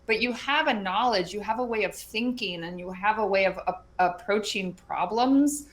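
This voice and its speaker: A woman speaking as a podcast interview guest, chatty and animated, with frequent fillers and restarts as she shares advice from her work as an educator and mentor. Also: medium pitch, normal speed. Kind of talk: casual conversational interview.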